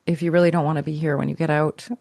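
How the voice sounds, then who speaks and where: A woman speaks as a podcast guest, recounting her own story with a gravelly edge to her voice. She talks in a reflective, searching way, restarting phrases and letting them trail off. The recording sounds dry and close. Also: low-pitched, flat delivery, very fast, darkish tone, dry recording. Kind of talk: personal storytelling.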